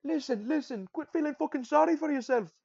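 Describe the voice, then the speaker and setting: Man doing a shouting coach in a put-on Scottish-Irish accent. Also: very high voice, brisk, pitched above the performer's own voice. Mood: urgent, shouting. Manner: shouting urgent pep-talk orders. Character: fired-up male corner coach yelling at his fighter. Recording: dull lo-fi audio.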